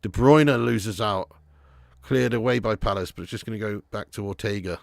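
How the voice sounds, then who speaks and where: Gravelly man streaming from his garage. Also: lowish voice, moderate pace, no room sound. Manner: casual, swearing, chatting with viewers. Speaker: football watch-along streamer. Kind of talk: live football watch-along chat. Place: home garage used as storage room.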